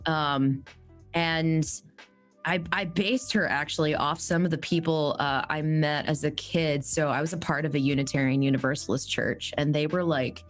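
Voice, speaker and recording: Chatty, animated woman in a casual Q&A. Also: sits low. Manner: rambling, animated, swears freely, lots of fillers. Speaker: actual-play podcast cast member. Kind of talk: casual live Q&A chat.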